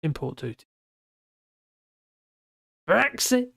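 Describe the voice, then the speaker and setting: A live streamer who is worn out and mumbling, with a gravelly, creaky voice. The sound is dry and close, with no room around it. Talks casually, rambling and restarting while reading out comments. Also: mid-range voice, sing-song, a bit bright, no echo. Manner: rambling, halting, with many restarts. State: tired and mumbling.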